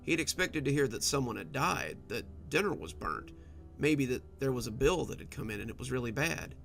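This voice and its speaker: Gravelly male horror story narrator. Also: mid-range voice, lively intonation, fairly quick. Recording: soft background music.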